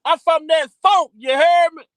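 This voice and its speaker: A man hosting a livestream, hyping up his chat with loud, repetitive shout-outs. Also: very high voice, moderate pace, no echo, low-quality recording. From Texas by way of Louisiana. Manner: hyped, repetitive, calls out to chat. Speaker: livestream host.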